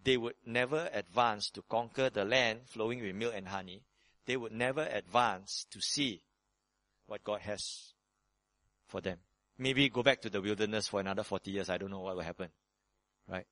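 A pastor preaches a lively sermon, acting out prayers by shifting suddenly into higher voices.

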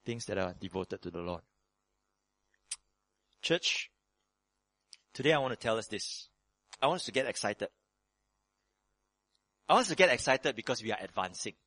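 A man preaching a sermon as pastor, acting out prayers in quick shifts of voice. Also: no echo. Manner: lively preaching, acts out prayers in sudden higher voices.

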